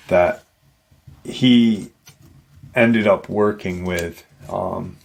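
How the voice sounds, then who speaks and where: Slow, gravelly-voiced man telling a story. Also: sits low. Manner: rambling retelling with frequent "you know" asides. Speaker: paranormal storytelling channel host. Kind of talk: casual storytelling.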